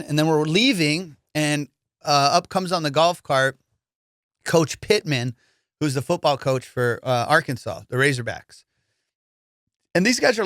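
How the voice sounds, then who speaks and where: A man's voice: medium pitch, fairly bright tone, clean tone, no echo, studio quality. A man hosting a comedy podcast, telling casual stories in a loose, profane way, full of fillers and dude. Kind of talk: casual storytelling chat.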